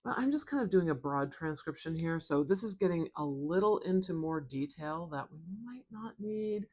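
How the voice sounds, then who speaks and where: A woman with a North American accent teaching pronunciation, patiently sounding out each syllable in a soft-spoken lesson. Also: low voice, expressive, moderate pace. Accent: North American English.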